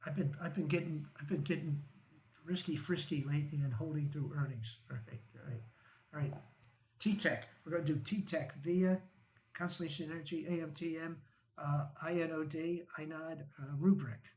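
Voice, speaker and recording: A man's voice: fairly high pitch, fairly even intonation, normal speed, darkish tone, roomy sound, low-quality recording. A man hosting a stock market show, walking through charts in a casual, conversational way, often checking in with "right?" and chuckling wryly. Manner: conversational, frequent "right?" and "okay?" check-ins, wry chuckles.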